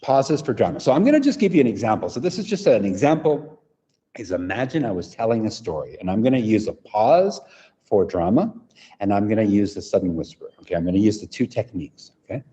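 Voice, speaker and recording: A man with a warm, fairly low voice presents an interactive workshop for English teachers at a conference venue away from home, speaking very animatedly and a little fast. He's demonstrative and keeps checking in with "right?", and the echoey hall gives a dull, lo-fi sound.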